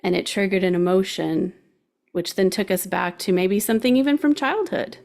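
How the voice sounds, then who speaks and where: Gravelly-voiced woman coaching casually. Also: medium pitch, moderate pace, a little mellow. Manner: chatty and encouraging, laughs easily, many "like"s. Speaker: show host giving life guidance.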